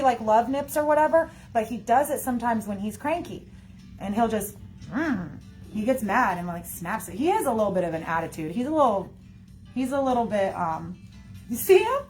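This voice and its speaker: A woman's voice: on the high side, expressive, fairly quick, darkish tone, faint music behind. A woman chatting casually to her viewers in a rambling way, full of fillers and "y'all". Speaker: livestreamer talking to viewers. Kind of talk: casual chat.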